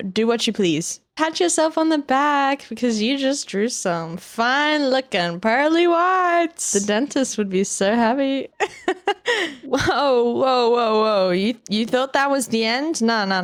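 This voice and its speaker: In a high-leaning voice with no echo, this young art tutorial host talks viewers through a drawing. Her casual voice-over is playful and full of jokes as she chats along.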